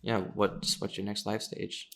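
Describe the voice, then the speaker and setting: A man's voice: lowish voice, flat delivery, measured pace, vocal fry, fairly bright tone. A young man hosting a casual interview in a laid-back, loose way. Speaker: host.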